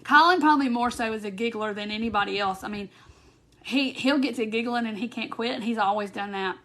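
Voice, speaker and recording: A woman's voice: on the high side, brisk, fairly bright tone. A woman hosting a casual craft live stream, chatting to viewers by name and giggling often as she talks. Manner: giggly, laughs often while talking. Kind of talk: casual live chat reading viewer comments. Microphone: phone or webcam on a live stream.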